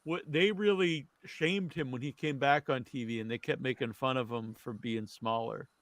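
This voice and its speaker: A man's voice: medium pitch, moderate pace, fairly bright tone. A man hosting a podcast, reading out trivia and then chatting loosely with lots of fillers. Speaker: podcast host. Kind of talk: casual wrestling chat.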